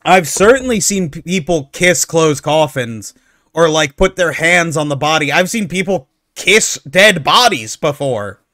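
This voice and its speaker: A man hosting casual reaction commentary, ranting in an animated, sarcastic, opinionated way. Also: a little high, measured pace, no room sound, studio quality. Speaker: streamer reacting to online posts.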